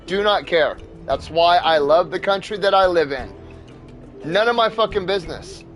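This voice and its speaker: A man's voice: high voice, normal speed, fairly bright tone, soft background music. A young man and father hosting a gaming video, ranting in a heated, profane, blunt way. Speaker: gaming channel host. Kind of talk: ranting commentary over gameplay.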